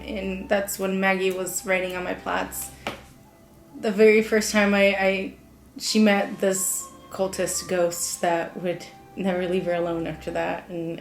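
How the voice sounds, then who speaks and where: A young woman talking casually in an interview as a live-action role-player, enthusiastic and reflective. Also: medium pitch. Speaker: LARP player. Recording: roomy echo with faint music.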